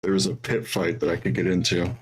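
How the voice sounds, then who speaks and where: A man's voice: sits low, flat delivery, crowd noise. A man playing a tabletop game who laughs often and jokes along. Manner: laughs often, slow and drawling. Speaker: player. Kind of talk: casual tabletop play.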